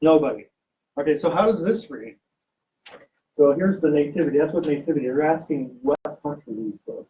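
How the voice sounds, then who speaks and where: A man lecturing to a live audience, joking, teasing and firing questions at the room. His voice sits a little high for a man. It is picked up from a distance on a dull, lo-fi recording. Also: a little fast, warm tone, a little hiss or hum. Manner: jokey, teasing, quizzes the audience. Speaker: university archivist giving a public talk.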